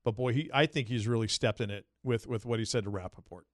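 A man co-hosting a sports podcast, telling stories in an animated way and jumping up in pitch when he quotes people. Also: fast talker, no echo, studio quality. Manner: animated storyteller, jumps high when quoting people. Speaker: podcast co-host. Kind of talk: casual sports talk.

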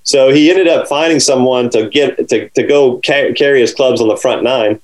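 A man in a middle register telling a long story in conversation. He speaks in an animated way, laughing often and acting out the lines of the people in his story. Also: medium pitch, moderate pace, rough recording. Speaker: former caddie telling a story.

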